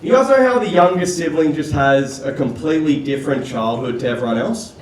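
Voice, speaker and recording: A man's voice: on the high side, expressive, fairly quick, darkish tone. A man doing stand-up comedy in a casual, wry storytelling manner. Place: comedy club stage. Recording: echoey club, distant mic, noise.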